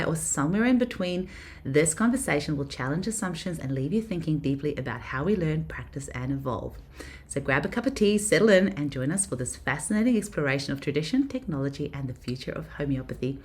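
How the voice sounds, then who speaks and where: A woman hosting a podcast, reading a scripted intro in a measured way that trails off softly at the ends of phrases, then chatting to listeners. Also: low-pitched, animated. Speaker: podcast host.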